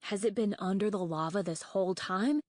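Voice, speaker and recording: A woman voicing a nervous, bookish young male dragon in an audiobook, talking in anxious, rapid reasoning and stammers. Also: medium pitch, a little mellow, no room sound, studio quality, natural voice. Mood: panicked. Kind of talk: audiobook character voice.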